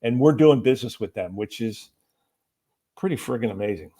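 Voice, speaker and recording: A man, a company president, telling a lively business anecdote as a podcast guest, acting out the people he quotes. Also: mid-range voice, normal speed. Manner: animated anecdote-telling, acts out quoted voices. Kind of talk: storytelling interview answer.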